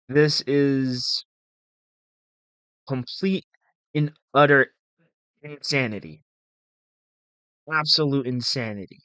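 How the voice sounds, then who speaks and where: A man's voice: medium pitch, pushed and bright, no room sound. A man giving casual reaction commentary on a stream, blunt and mocking, laughing often.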